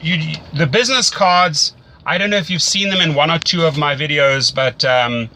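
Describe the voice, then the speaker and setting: A man with a South African accent talks through rideshare strategy with an eager, upbeat energy. His voice sits a little high and rings bright and forceful, and he often doubles words as he works out what to say. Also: normal speed, slight background noise. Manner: enthusiastic, repeats words while thinking. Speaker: rideshare mentor host. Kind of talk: casual mentoring call.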